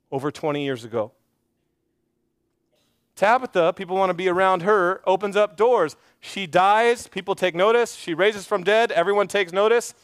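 Male pastor, sermon delivery, earnest and chatty, high clear voice. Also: no room sound, clean studio sound. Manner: earnest, conversational preaching with quick asides and repeated phrases. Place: church stage.

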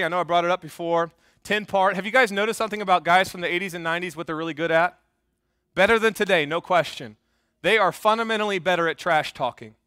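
A man's voice: on the high side, bright, forceful tone, no room sound, studio quality. A male pastor preaching a sermon in a joking, conversational way, often quizzing the congregation.

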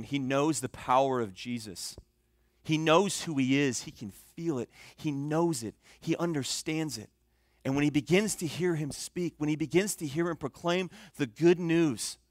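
A man preaching a sermon as a pastor, talking in an animated, conversational way with joking asides to his listeners. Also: medium pitch, no echo, studio quality.

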